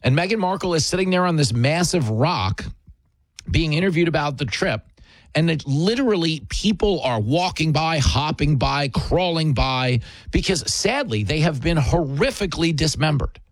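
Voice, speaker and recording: A man's voice: on the high side, expressive, moderate pace, dry recording. A man hosting a show, delivering a sarcastic comedic monologue. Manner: sarcastic, mocking, puts on whiny voices.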